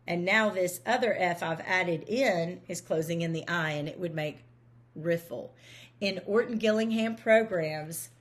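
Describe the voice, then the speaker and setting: A woman with a fairly low voice teaches a phonics lesson for parents. She explains patiently and step by step, slowing down to count letters aloud. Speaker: reading teacher.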